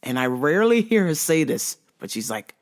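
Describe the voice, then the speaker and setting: A woman's voice: low-pitched, normal speed. Woman telling a story, laughing a lot. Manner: laughs often, animated, quotes others in voices. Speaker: host. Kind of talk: casual storytelling vlog.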